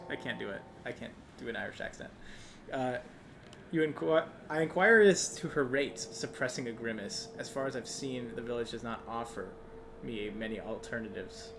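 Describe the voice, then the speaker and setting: A man's voice: mid-range voice, normal speed, creaky. A man reading a solo tabletop adventure aloud and role-playing his character, hesitant and self-amused, often restarting his sentences. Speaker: solo tabletop game player. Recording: noisy home recording.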